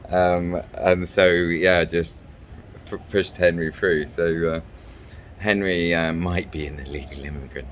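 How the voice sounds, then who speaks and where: A man's voice: deep voice, steady tone, a little slow, a little hiss or hum. A man from England, telling a meandering travel story with lots of ums and restarts. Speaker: vlogger and fairy maker. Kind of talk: rambling travel anecdote. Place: small hotel room.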